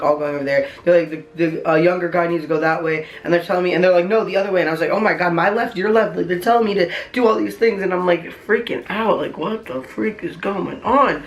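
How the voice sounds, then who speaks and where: A young man vlogger telling a story in a casual, rambling way, full of "like" and excited asides. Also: a little high, roomy sound. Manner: rambling, heavy on "like", excitable retelling.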